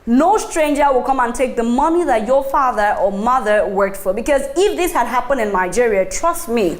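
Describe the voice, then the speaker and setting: A woman hosting a talk show in an animated, bouncing voice that sits a little high. She is heard in a roomy, echoey studio. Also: moderate pace. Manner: lively, animated. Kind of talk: casual chat.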